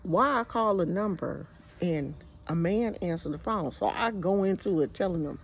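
A woman's voice: medium pitch, animated, a little slow, slightly rough. An older woman with a Bay Area accent, telling a casual story to her viewers in a chatty, slangy way, outdoors in her yard and recorded on a phone camera. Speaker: vlogger. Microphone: phone camera held by speaker.

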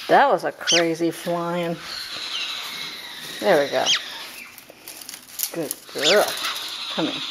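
A woman breeding parrots, talking to baby birds in a coaxing, sing-song tone with high calls. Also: expressive, slow pace, long pauses, very noisy. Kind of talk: coaxing talk to pet birds.

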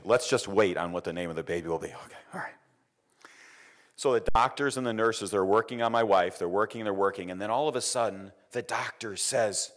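A middle-aged man giving an engineering lecture, telling a personal story with repeated words and acted quotes. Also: low voice. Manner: anecdotal, repeats words, quotes others in raised voice.

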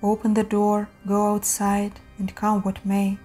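Woman narrator for horror tales, mellow tone, faint music bed. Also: mid-range voice, completely flat delivery, measured pace. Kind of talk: scripted horror story narration.

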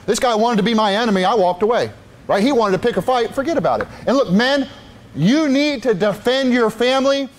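Middle-aged male preacher, high-pitched, emphatic sermon delivery with frequent asides. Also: lively intonation, brisk.

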